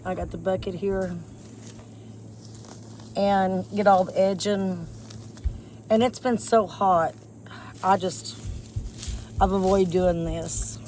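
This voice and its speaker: Outdoors by her porch, a woman pulls weeds and talks to her viewers in a rambling, folksy way, slowly and with long pauses. Her mid-range voice is steady and darkish, a slight cough hints at a chest infection, and some hiss or hum can be heard.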